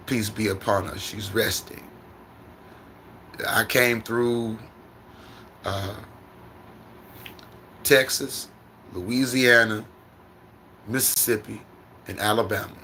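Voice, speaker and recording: A man's voice: medium pitch, bright, forceful tone, a little hiss or hum. A middle-aged man who drives trucks, talking on his livestream in a repetitive, preacherly storytelling way into a phone. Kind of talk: casual livestream monologue.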